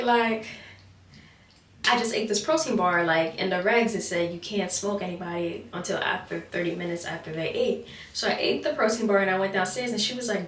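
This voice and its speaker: A woman's voice: mid-range voice, brisk, fairly bright tone, recorded from a distance. A young woman telling a story in a chatty vlog, often saying "like", recorded in a roomy space away from the mic. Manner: chatty, many filler "like"s. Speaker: vlogger.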